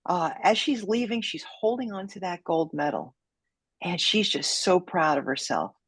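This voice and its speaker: Husky-voiced woman telling a dramatic story. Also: lowish voice, expressive, moderate pace, no echo. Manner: vivid, dramatic storyteller acting out quotes. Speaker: guest, judo sensei. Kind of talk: storytelling in a podcast interview.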